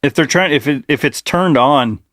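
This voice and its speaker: A laid-back man co-hosts a podcast with deadpan, crude humor while coming down with a cold. His voice is slightly high for a man. The recording is dry and close. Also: normal speed, no room sound. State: getting sick, coughing. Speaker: podcast co-host. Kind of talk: casual comedic chat.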